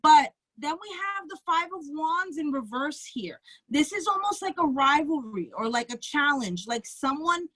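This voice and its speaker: A woman's voice: high voice, animated, moderate pace, fairly bright tone, no echo, rough recording. A woman with a Bronx New York accent giving a casual, blunt tarot reading, often checking in with "okay?" and swearing freely. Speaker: psychic tarot reader. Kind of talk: tarot reading on a live stream.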